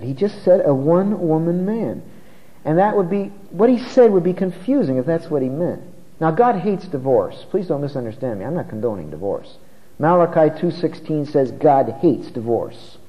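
Emphatic preacher in a reverberant hall. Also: male voice, a little high. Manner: emphatic, slows down to stress key words. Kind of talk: expository sermon. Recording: muffled recording with long hall reverb.

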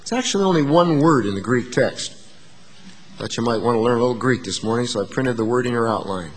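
A man preaching a sermon to his congregation, moving between hushed asides and emphatic, rising declarations. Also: mid-range voice, lively intonation, quick pace, long reverb tail. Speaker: pastor.

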